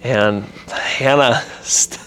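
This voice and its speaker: A man's voice: mid-range voice, extremely slow, fairly bright tone, smooth. A young adult man, a pastor, telling a personal story casually in an interview and animatedly acting out quoted voices.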